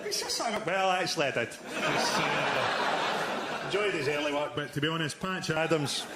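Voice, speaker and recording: A Scottish man doing a stand-up comedy set on a live stage, delivering dark jokes in a dry, deadpan way. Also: fairly high pitch, normal speed. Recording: live show with loud ambient noise.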